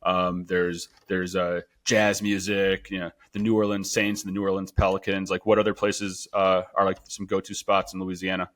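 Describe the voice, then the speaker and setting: A man's voice: low voice, flat delivery, normal speed, hardly any pauses, a bit bright. A male podcast host from Chicago who chats casually, laughs often and rambles through his questions. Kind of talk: casual interview hosting.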